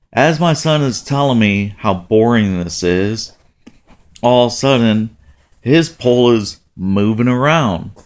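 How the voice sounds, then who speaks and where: A middle-aged man telling a casual story about taking his kids fishing, with a relaxed delivery that jumps up in pitch for quoted lines. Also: clear, resonant tone. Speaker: father telling a family story.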